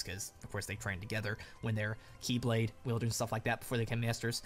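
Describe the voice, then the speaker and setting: Man reading game lore, halting. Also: on the low side, little pitch movement. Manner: halting, frequent ums and self-corrections. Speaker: gaming YouTuber. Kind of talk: reading game text aloud with casual commentary.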